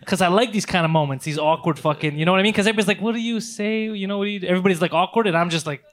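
A man telling a long story in casual podcast chat, swearing often and acting out the people in it. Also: sits high. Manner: fast, profane, animated storytelling. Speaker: podcast host.

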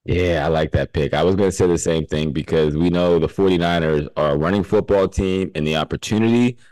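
A man's voice: low-pitched, a little fast, a little mellow, dry recording, rough recording. A man hosting a casual podcast, laughing often and breaking in to read sponsor spots. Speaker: podcast host.

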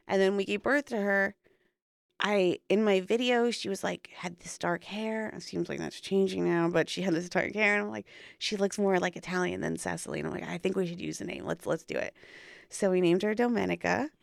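Gravelly-voiced chatty young woman. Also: medium pitch, a little fast, no echo, clean studio sound. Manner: chatty storytelling with frequent "like" and "um". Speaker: podcast co-host and new mother. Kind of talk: casual chat.

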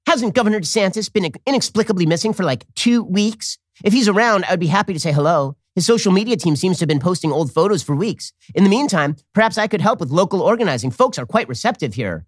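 A man's voice: high-pitched, animated, fast talker, hardly any pauses, dry recording, clean studio sound. A man putting on a sarcastic, mocking voice for a smug young woman politician.

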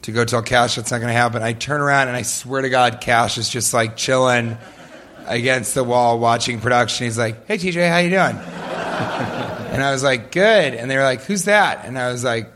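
A man's voice: mid-range voice, level tone, moderate pace, a bit bright, a little hiss or hum. Joking man telling stories to a crowd. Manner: loose, joking, laughs often. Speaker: comedian answering audience questions. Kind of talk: live audience Q&A storytelling.

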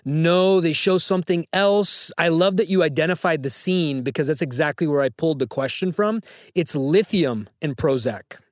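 Guy running a phone trivia quiz, kinda high voice, teasing callers, dry sound. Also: normal speed, dry recording. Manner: playful, teasing. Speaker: trivia show host.

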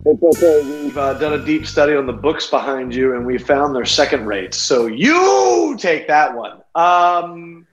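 A man hosting a casual sports betting podcast, playful and excitable, speaking over a phone. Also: a little high, faint music behind. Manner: excitable, playful, quick asides. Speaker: podcast host. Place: home in a city apartment. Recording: echoey room over a phone.

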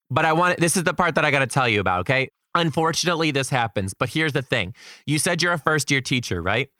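Brief: young male teacher, bright lively voice, dry close sound, emphatic storyteller. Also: a little high, no room sound. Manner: animated, emphatic, quotes people dramatically. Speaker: teacher giving career advice. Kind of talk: storytelling advice monologue.

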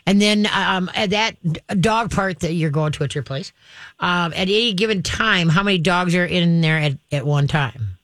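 A woman's voice: lowish voice, moderate pace, a bit bright, dry recording. A woman hosting a call-in radio show, talking in a folksy, chatty way full of fillers. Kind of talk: call-in advice chat.

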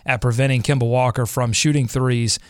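A man's voice: medium pitch, steady tone, a little fast, dry recording. Wry, teasing man on a sports podcast. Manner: wry teasing, dry humor. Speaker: podcast co-host. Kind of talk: casual sports podcast chat.

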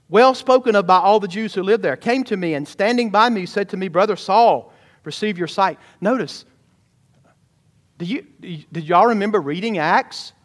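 A man, a pastor, preaching a sermon emphatically and often calling out questions to his congregation. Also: sits high.

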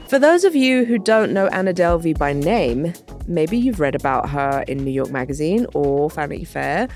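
A woman co-hosting a podcast in a lowish voice. She tells the story in a friendly, chatty narration while soft music sits faintly behind her. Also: sing-song, moderate pace. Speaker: podcast co-host.

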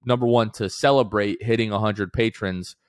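A man's voice: on the low side, fairly even intonation, moderate pace, no echo, clean studio sound. A man co-hosting a casual sports podcast, talking in an upbeat, rambling way with many fillers. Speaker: podcast co-host.

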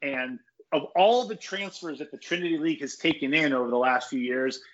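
Opinionated man talking college football, slightly higher voice. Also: a little fast, a bit bright, lo-fi sound. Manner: opinionated, rambling with restarts. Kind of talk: casual sports podcast chat.

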